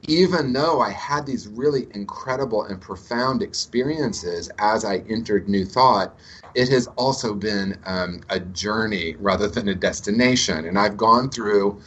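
A man's voice: on the low side, a little slow, fairly bright tone, husky, highs cut off. A man speaking as an interview guest about recovery, telling reflective spiritual stories in a conversational way. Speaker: guest, addiction recovery teacher.

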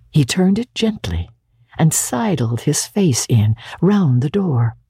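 Expressive audiobook narrator, woman, slow and mellow with a dry close sound. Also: sits low, breathy edge, no room sound. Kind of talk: dramatic audiobook reading.

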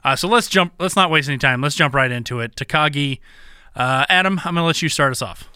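Male podcast co-host, crisp bright voice, dry close sound, halting casual chat. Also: a little high, no echo. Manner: relaxed, halting, lots of restarts. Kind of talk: casual movie-recasting chat.

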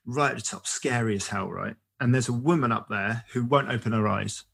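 A man in casual conversation, telling lively stories and often asking "right?". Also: mid-range voice, a little fast, creaky, breathy edge. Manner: animated storyteller, says "right?" often. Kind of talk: casual chat. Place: photographer who travels with a camera.

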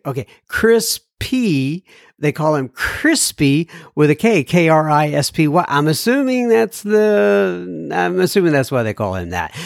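A man hosts a podcast and reads listener letters aloud, breaking off into rambling, self-interrupting jokes. His voice sits a little high for a man and swings widely in pitch. The sound is dry and close, with no room echo. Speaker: podcast host reading listener mail. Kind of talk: casual podcast chat.

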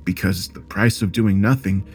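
A man narrating a first-person horror story in a steady, grave manner. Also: low-pitched, normal speed, faint music behind.

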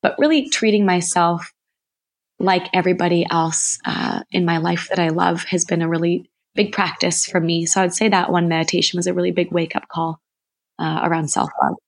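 A woman's voice: on the low side, fairly even intonation, moderate pace. A woman talks as a guest on a podcast. Her delivery is earnest and candid, and she reflects carefully as she speaks.

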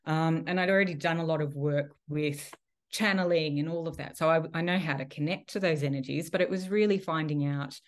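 A woman being interviewed on a podcast, telling a personal story in a lively way and laughing often. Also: low voice, brisk. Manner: animated storytelling with frequent laughter. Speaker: guest, priestess and healer.

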